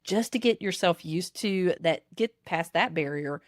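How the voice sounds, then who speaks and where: A woman with a Southern US accent, coaching authors on dictation in an animated podcast interview. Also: fairly low pitch, measured pace, dry recording, clean studio sound.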